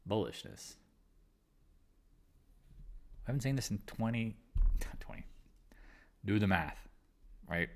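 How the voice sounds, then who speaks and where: A man's voice: on the low side, animated, slow, gravelly, pauses often. A man hosting a live market chat, talking candidly and rambling, with casual swearing. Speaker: livestream trading host.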